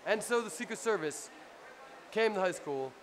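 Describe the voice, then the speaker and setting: A man with a New Jersey accent telling a rambling, profane story in a casual, animated way after a show. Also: sits high, moderate pace. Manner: profane, rambling, animated anecdote with acted-out quotes. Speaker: punk band frontman telling a story. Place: crowded club after a show. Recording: noisy live club recording.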